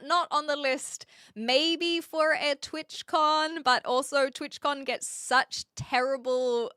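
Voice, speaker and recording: Female streamer, New Zealand accent with Australian and British traces, high, bright voice, giggly casual chat, dry close sound. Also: no room sound. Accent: New Zealand, mixed with Australian and British. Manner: giggly, reads viewer chat aloud. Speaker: live streamer. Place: attic.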